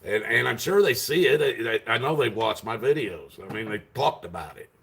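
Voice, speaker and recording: A man loudly retelling a story to his channel viewers, rambling with many fillers and restarts. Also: medium pitch, lively intonation, a little fast, creaky, slightly rough. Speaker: vlogger. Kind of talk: casual storytelling to camera.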